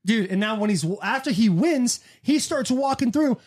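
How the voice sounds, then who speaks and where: A man in casual podcast chat, retelling a fight night in a fast, animated way and swearing freely. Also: very high-pitched, breathy edge. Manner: fast, animated storytelling with profanity; breaks into sung snippets when retelling. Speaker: podcast co-host.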